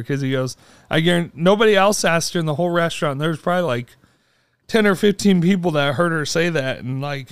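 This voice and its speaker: A man's voice: a little high, fairly quick, clear, resonant tone, no room sound, clean studio sound. A man co-hosting a podcast, telling an everyday anecdote casually and acting out the quoted lines. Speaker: podcast co-host. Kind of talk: casual storytelling chat.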